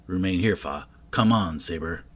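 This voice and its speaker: A man's voice: low voice, moderate pace. A man reading the lines of a proud, strong jungle hero in short, commanding sentences.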